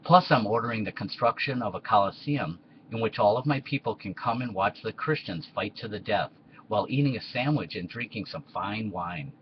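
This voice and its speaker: Emperor Vespasian, as a man reads him, bossy and low. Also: expressive, brisk, muffled recording, a little hiss or hum, natural voice. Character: Emperor Vespasian, boastful cruel Roman ruler.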